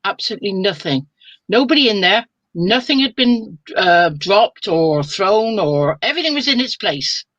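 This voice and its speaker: An older woman, a spiritual medium telling a story in a chatty, lively way over a video call. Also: mid-range voice, normal speed, no room sound, lo-fi sound. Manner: chatty and lively, with colloquial exclamations. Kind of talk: casual storytelling on a live video chat.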